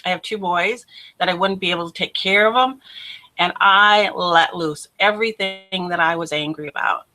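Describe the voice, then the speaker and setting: A woman hosting her own show, telling a personal testimony in an animated way, laughing often and acting out what people said. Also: fairly low pitch, moderate pace. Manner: animated, laughs often, acts out quoted voices. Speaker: host.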